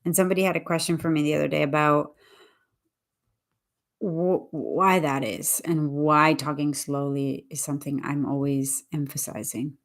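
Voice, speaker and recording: On a livestream, a woman who teaches English talks casually, working through her point in a thoughtful, deliberate way and restarting often. Her voice sits low, and her intonation stays fairly even.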